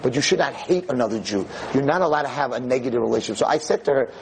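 A male rabbi giving a storytelling lecture, animated and acting out the voices in his tale. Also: mid-range voice, very fast, vocal fry, hardly any pauses, breathy edge.

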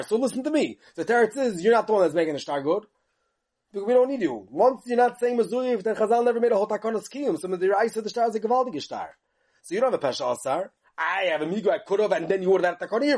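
With a high-pitched voice, an animated man lectures on Talmud yeshiva-style, chanting in sing-song cadence while firing off rhetorical questions and quick asides.

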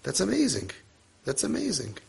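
Husky-voiced man giving a parenting lesson. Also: high voice, huge pitch swings, moderate pace. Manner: conversational, sprinkled with Hebrew and Yiddish terms. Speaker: parenting teacher. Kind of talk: casual spoken lesson.

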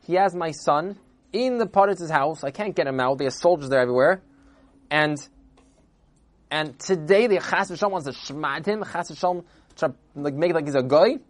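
A man's voice: fairly high pitch, normal speed, dry recording, pitched above the performer's own voice, lightly acted. A man doing a frantic, pleading father. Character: desperate Jewish father pleading for his son.

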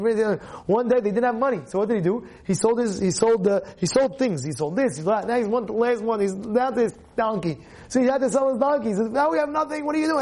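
A rabbi gives a Torah class in a high voice, animated throughout. He fires off rhetorical questions and repeats phrases for emphasis.

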